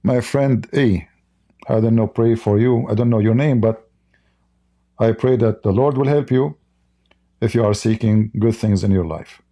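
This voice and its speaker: A man hosting a live stream speaks broken, non-native English, giving heated, blunt, mocking commentary and reading out viewer chat. His voice is fairly low with a dark tone, a little slow, with long pauses.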